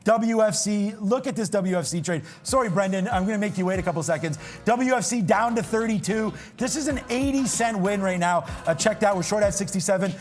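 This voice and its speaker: A man hosting a live trading show, calling trades and thanking viewers with excited, hyped energy. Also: high voice, soft background music. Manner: excited, hyped, rapid shout-outs. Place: TV studio trading floor.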